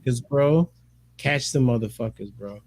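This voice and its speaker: A man's voice: medium pitch, brisk, darkish tone, dry recording. A man hosting a casual chat, telling stories animatedly with lots of profane slang and frequent laughter. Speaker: podcast host.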